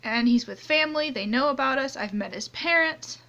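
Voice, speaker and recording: Tearful high-voiced young woman confiding. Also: animated, pushed and bright. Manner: halting, many restarts and trailing off. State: tearful, crying on and off. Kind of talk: anonymous confessional vlog. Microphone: phone camera close up, only a hand in frame. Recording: dull lo-fi phone audio.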